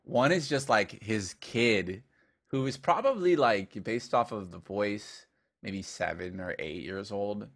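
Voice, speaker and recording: A man, a dubstep producer as a guest, chatting casually and telling animated stories with lots of fillers and swearing. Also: on the low side, slow pace. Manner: animated storyteller, heavy filler use, swears. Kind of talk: casual interview chat.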